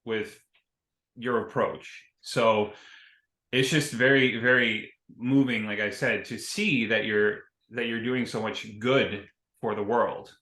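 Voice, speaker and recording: A man hosting an interview, effusively praising his guest with halting restarts. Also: lowish voice, steady tone, sharp tone. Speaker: interview host. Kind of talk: conversational interview. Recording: roomy echo.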